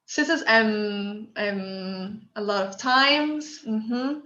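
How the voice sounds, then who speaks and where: A woman's voice: medium pitch, extremely slow, pushed and bright. A woman whose first language is Spanish, running an online workshop in English and asking the group questions. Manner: encouraging, asks the group questions. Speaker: workshop instructor. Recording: echoey room, dull lo-fi audio.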